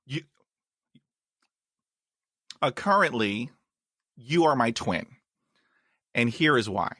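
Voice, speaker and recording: A man hosting a podcast interview in a casual chat. He stutters and repeats words, and he breaks into sudden high, excited whoops. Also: takes it slowly, no echo, clean studio sound. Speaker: podcast host. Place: in Texas.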